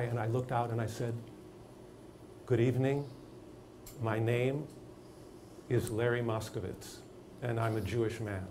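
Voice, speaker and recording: Emphatic older acting teacher. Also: male voice, mid-range voice, background noise. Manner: animated, emphatic, storytelling. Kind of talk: masterclass discussion.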